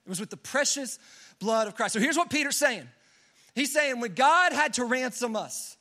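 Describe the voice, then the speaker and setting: High-voiced young man preaching to youth. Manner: energetic, conversational, leads call-and-response. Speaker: youth pastor. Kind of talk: youth sermon.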